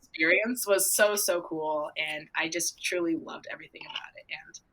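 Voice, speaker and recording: A teenage girl tells her stories in a bubbly, chatty way, acting out her own excited reactions as she goes. Her voice is bright, and it sits a little low. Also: moderate pace. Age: teens. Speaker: young equestrian guest. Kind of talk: casual interview answers.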